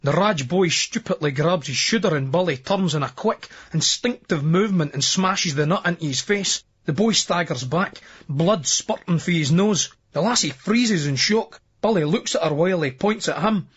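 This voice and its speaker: A Scottish man reads a first-person novel in a brisk, earthy dialect, with lots of swearing. His voice sits high and a little husky. The remastered recording sounds dull and lo-fi. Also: animated, fairly bright tone. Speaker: audiobook narrator.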